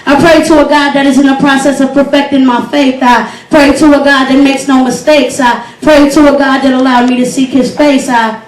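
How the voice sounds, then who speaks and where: Young female slam host reciting earnest, rhythmic devotional verse; high voice, roomy and distant. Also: fairly even intonation, brisk. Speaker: poetry slam host and poet. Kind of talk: spoken word poetry performance. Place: event hall. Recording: echoey hall recorded from afar.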